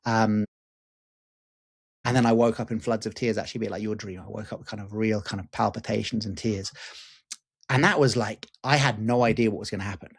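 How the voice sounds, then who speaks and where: A man in his forties, a guest teacher, telling a personal story in an animated, candid way with casual swearing and fillers. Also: on the low side, fairly quick, creaky, husky. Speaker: guest, lucid dreaming teacher.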